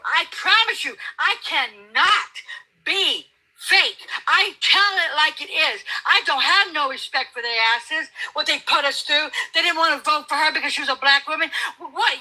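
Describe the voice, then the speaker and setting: A woman arguing heatedly and profanely on a live stream, often shouting and talking over the other person. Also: high-pitched, moderate pace, poor audio.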